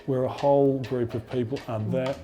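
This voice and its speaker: A man's voice: medium pitch, little pitch movement, normal speed, lo-fi sound. A man from Australia, a former teacher, speaking reflectively in a documentary interview. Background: soft guitar music.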